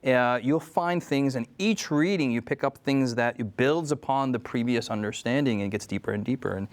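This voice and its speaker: A man co-hosting a casual religious discussion, speaking thoughtfully with frequent pauses and fillers. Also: mid-range voice. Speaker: co-host and senior editor.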